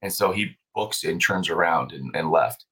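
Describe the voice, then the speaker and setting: A man with a fairly low, bright and forceful voice tells a story as a podcast guest. His talk is loose and casual, sprinkled with swearing and quick laughs. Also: slightly rough. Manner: loose, profane, laughs often.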